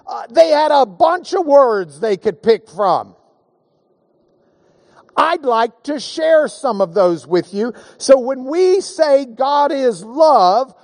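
A man's voice: very high voice, a little mellow. A man preaching a sermon, emphatic and engaging his listeners with questions and call-and-response, with touches of self-deprecating humor.

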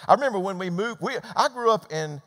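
Lively older preacher in a hall. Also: male voice, high-pitched, fast. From Georgia, US. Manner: animated, conversational preaching with repetitions. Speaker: pastor. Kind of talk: sermon. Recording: long hall reverb.

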